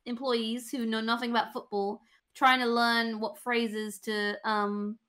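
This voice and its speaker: A young woman guesting on a streamed talk show, giggly and playful, often trailing off mid-thought. Her voice sits a little higher than most women's. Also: little pitch movement, a little slow, bright, forceful tone. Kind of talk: casual talk show chat.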